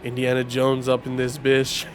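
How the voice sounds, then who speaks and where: A man giving casual live commentary while streaming a game, talking to his chat in an excitable, rambling, slangy way. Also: medium pitch, slow pace. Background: game music.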